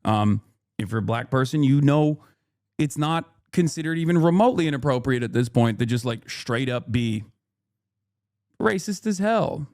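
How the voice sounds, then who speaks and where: A man's voice: mid-range voice, animated, normal speed, a little mellow, no room sound, clean studio sound. A man hosting a livestream in casual commentary, talking bluntly with plenty of swearing, thinking aloud and arguing back at his chat. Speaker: livestream host.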